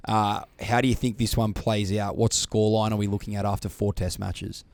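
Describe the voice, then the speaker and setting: A man's voice: on the low side, level tone, brisk, darkish tone, dry recording. An Australian man hosting a cricket podcast, upbeat and jokey as he leads the chat. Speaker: podcast host.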